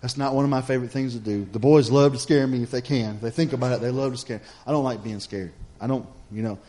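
A middle-aged man, preaching a sermon in a folksy storytelling way that builds to loud exhortation. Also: mid-range voice, steady tone, fast talker.

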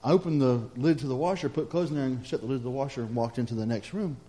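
A middle-aged man, preaching a sermon in a folksy storytelling way that builds to loud exhortation. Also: medium pitch, quick pace.

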